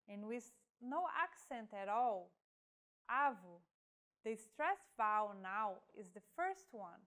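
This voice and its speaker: Woman teacher, slightly high voice, slow deliberate delivery of scripted lesson lines. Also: a bit bright. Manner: slow, careful, demonstrating example words. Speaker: language teacher.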